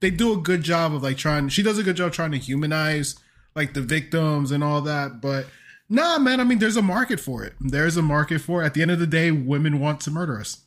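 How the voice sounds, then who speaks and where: A man's voice: fairly high pitch, fairly quick. Laughing, swearing male podcast co-host. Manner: laughs often, swears, rambling riffs. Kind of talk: casual podcast banter.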